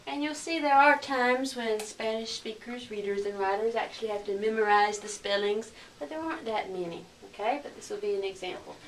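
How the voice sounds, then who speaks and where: A woman teaching a recorded lesson, speaking slowly and clearly and repeating each word for her learners. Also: a little high, reverberant, far from the mic, slight background noise.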